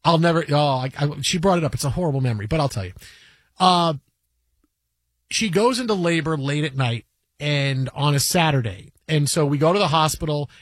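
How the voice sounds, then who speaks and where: High-voiced, animated male radio host. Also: fairly quick, no room sound. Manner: animated storyteller who acts out quotes and repeats words. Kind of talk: sports radio chat.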